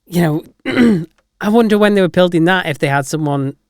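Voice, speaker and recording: A man's voice: high voice, animated, normal speed, no echo. A man co-hosting a podcast in casual chat, easygoing and dry. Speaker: podcast co-host.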